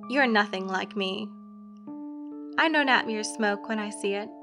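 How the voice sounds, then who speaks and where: A woman voicing a sly fae man who poses as a bartender, speaking low, quiet and knowing. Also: measured pace, music in the background, close to an everyday voice. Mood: wry.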